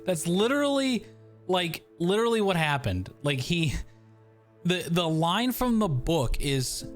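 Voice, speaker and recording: Male streamer, slightly high voice, rambling sweary chat over a game, faint music underneath. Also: big pitch swings, measured pace. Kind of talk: casual gaming commentary.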